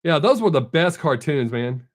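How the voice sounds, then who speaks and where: A man's voice: fairly high pitch, very animated, normal speed. A man chatting casually on a live stream, answering viewers bluntly and without a filter. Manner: blunt, unfiltered, reads out viewer names.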